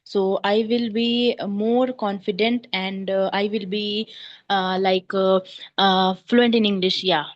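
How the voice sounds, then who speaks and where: A woman's voice: medium pitch, fairly even intonation, slow, no echo. Woman, English learner, eager, filler-heavy, muffled dry audio. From India. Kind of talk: English speaking practice. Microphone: online class audio.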